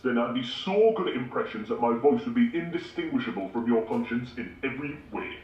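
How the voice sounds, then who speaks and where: A man voicing a comedian's sardonic conscience in a dry, deadpan manner, played back through a dull, distant, echoey recording. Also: mid-range voice, fairly quick, lightly acted. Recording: dull prerecorded playback, echoey room, far off.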